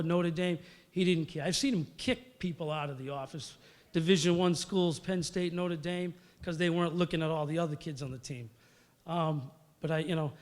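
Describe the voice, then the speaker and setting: A man's voice: on the high side, long reverb tail. A middle-aged man gives an acceptance speech. He tells stories conversationally, with fillers, and acts out the quotes. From Massachusetts. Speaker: hall of fame inductee.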